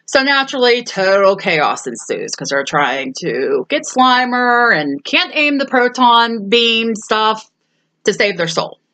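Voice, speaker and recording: A woman's voice: a little high, sing-song, slow pace, bright, forceful tone. A woman hosting a casual movie review, retelling scenes with frequent laughs and acting out the quoted lines. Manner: laughs often while talking. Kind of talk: casual movie recap chat.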